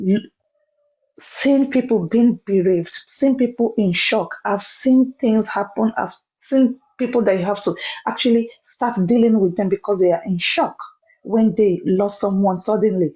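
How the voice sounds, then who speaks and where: A woman's voice: medium pitch, dark tone, lo-fi sound. A woman joining a live stream to give earnest, preachy commentary, repeating points for emphasis. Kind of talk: impassioned commentary.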